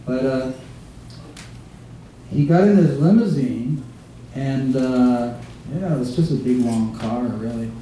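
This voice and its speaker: A man giving an informal devotional remembrance talk, halting often with fillers and restarts as he recalls stories. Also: mid-range voice, dark tone. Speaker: guest speaker. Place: devotees' home, recorded from across a room. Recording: echoey room from far off, faint hiss.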